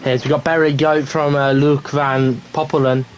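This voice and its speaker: A British man giving chatty live sim racing commentary from home, swearing casually and bursting into excited play-by-play. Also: mid-range voice, normal speed, low-quality recording. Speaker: race commentator. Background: faint household noise.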